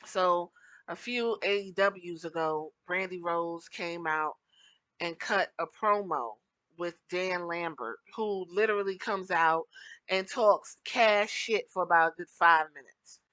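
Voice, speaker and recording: A woman hosting a podcast, giving blunt, animated commentary and slipping into mock voices to make her points. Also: fairly low pitch, a little slow, no room sound, low-quality recording. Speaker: podcast host.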